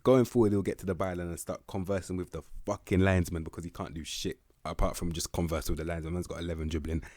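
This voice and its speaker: Deep-voiced young man, blunt and slangy. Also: steady tone, fast talker, hardly any pauses, dry recording, clean studio sound. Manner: blunt, slangy, swears freely, bursts of loud emphasis. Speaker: gaming YouTuber. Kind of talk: casual game commentary.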